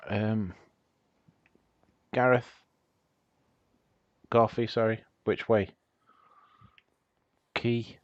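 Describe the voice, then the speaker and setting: A man's voice: lowish voice, little pitch movement, very slow, long pauses, dry recording, lo-fi sound. A man chatting casually and laughing often while he plays a game on a livestream. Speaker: streamer playing the game. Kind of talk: casual gaming livestream chat.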